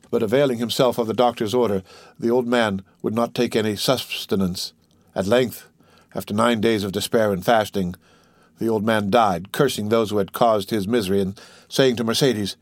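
A man narrating a classic novel in a measured, steady audiobook reading. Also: lowish voice, dry recording, studio quality.

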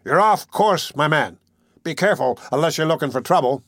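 A man's voice: medium pitch, animated, normal speed, a bit bright, dry recording, studio quality. Man voicing a harsh, cynical sea captain. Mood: stern. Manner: harsh, commanding, mocking.

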